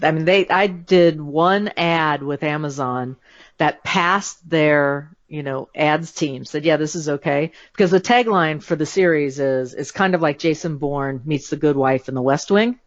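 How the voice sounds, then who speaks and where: A woman author being interviewed, chatting casually and telling animated stories with frequent laughs. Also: low voice, unhurried, no echo, highs cut off. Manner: laughs often, animated storytelling. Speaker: author guest.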